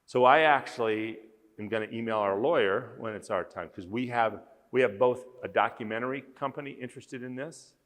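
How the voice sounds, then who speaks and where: A man's voice: medium pitch, a little fast, a bit bright, long reverb tail. A man speaking as a conference speaker, earnestly telling a story with emphasis. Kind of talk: storytelling talk.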